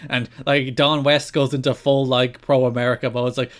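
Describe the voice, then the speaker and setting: A young adult man co-hosting a podcast, recapping wrestling shows in casual chat and telling the story with lively enthusiasm. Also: medium pitch, normal speed, hardly any pauses. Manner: enthusiastic, animated storyteller who acts out quotes. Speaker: podcast co-host.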